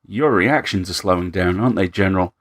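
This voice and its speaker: A man voicing a calm, menacing male thief who mocks and taunts his victim. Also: deep voice, brisk, close to an everyday voice. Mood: mocking. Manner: mocking, taunting.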